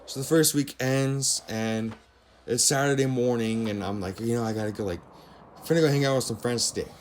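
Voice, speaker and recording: A teenage boy recounts a school story in a loose, rambling way, leaning on fillers and slipping into quoted lines from friends and teachers. His voice sits at an ordinary middle pitch for a young man, with a faint hum of noise behind it. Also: a little fast. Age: teens. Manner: rambling, filler-heavy retelling with quoted dialogue. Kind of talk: casual storytime narration over gameplay.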